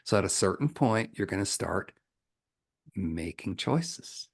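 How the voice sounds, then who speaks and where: A spiritual coach answering questions from viewers, he tells stories in an animated way and laughs often. His voice is low and gravelly, with a husky, rough grain. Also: unhurried. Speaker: ascension coach. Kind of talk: spiritual teaching Q&A.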